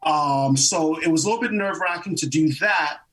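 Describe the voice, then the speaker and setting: A man in his twenties, an actor guest, telling stories in a casual interview, animated, laughing often and acting out quotes. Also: a little high, fairly quick, recorded from a distance, low-quality recording. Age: 20s.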